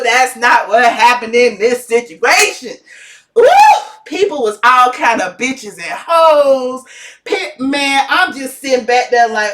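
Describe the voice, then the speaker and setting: A woman giving sassy, dramatic gossip commentary in a vlog, her voice swooping into high shouts. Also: takes it slowly, distant mic. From Atlanta, USA. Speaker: gossip vlogger.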